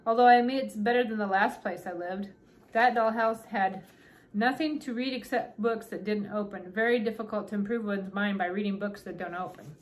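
A woman's voice: moderate pace, lightly acted. A woman putting on a tiny fussy little king. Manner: peevish, fussy and high-raised.

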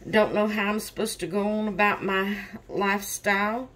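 A woman who hosts a reborn doll channel chats casually in her vlog, tired and yawning as she rambles openly about her stress. She speaks at a moderate pace with medium pitch, fairly even intonation and a fairly bright tone, over slight background noise.

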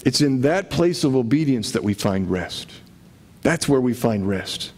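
A man's voice: mid-range voice, animated, a little slow, a little mellow. A man preaching a sermon to his congregation in a conversational way, often asking rhetorical questions. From Connecticut. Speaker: pastor.

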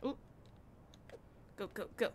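A woman's voice: takes it slowly, darkish tone, slight background noise. A young woman casually commenting on a game as she plays, playful and chatty with sing-song bits. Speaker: gaming streamer.

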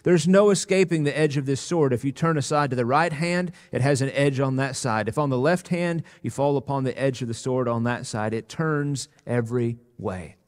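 A man preaching a sermon as pastor, earnest and emphatic, slowing down on key words. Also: mid-range voice, a little mellow. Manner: earnest, emphatic preaching with slow, weighty pauses. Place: church sanctuary. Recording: long reverb of a church hall.

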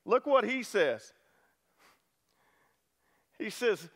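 Male pastor, middle-aged, high voice, animated storyteller who drops to a near hush for quiet moments. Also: normal speed. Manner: animated storytelling, acting out disciples' lines, swings loud to hushed. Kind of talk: sermon.

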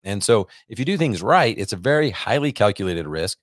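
A man's voice: fairly low pitch, sing-song, a little fast, dry recording, clean studio sound. A man hosting a business podcast, talking casually and energetically, often repeating himself. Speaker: podcast host and business coach. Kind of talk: casual monologue.

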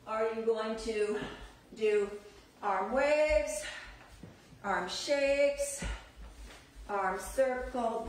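A woman's voice: fairly high pitch, very echoey, recorded from a distance, slight background noise, rough recording. A woman teaching a belly dance class, chatty and upbeat, laughing often. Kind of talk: live online dance class.

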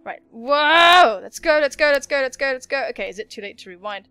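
A young woman commenting on a story game she is playing, excitable and gushing, often squealing and laughing. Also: high-pitched, fast talker, clear, resonant tone, no room sound, soft background music. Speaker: gaming YouTuber. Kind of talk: let's play commentary.

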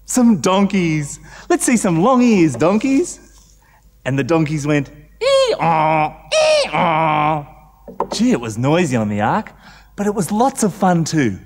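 A man telling a story to children in an animated, inviting way, doing animal sounds. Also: on the high side, moderate pace. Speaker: children's entertainer.

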